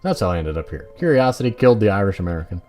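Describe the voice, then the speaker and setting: A man's voice: low-pitched, big pitch swings, rapid-fire, noisy background. A man voicing a sarcastic male protagonist who narrates his own story in a game. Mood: wry. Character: wary, sarcastic Irish-American man, stubborn.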